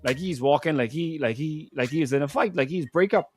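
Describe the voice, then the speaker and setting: A man hosting a morning radio show, chatting casually and telling stories with animated voices for the people in them. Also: fairly high pitch, brisk, breathy edge. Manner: animated storytelling, drops into voices for quoted people. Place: radio studio.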